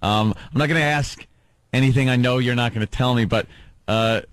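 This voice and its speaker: A man's voice: medium pitch, a little fast, dry recording. A man hosting a casual chat, talking in a rambling, hesitant way with many fillers. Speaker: host.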